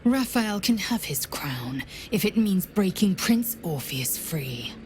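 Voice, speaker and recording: A woman's voice: mid-range voice, very animated, slow, darkish tone, a little hiss or hum. A woman voicing a fierce, proud, blunt alien warrior woman in video game dialogue, speaking in a stern, clipped manner. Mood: resolute.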